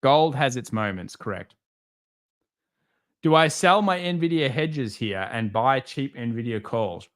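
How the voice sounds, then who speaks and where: A man hosts a live market stream, reading viewers' comments and answering with sarcastic jokes and animated stories. His voice is medium-pitched and his delivery slow.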